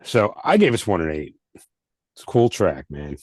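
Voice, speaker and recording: A man's voice: sits low, very animated, measured pace, dry recording, clean studio sound. A man co-hosting a casual album review chat, laid-back and rambling with restarts. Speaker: podcast co-host.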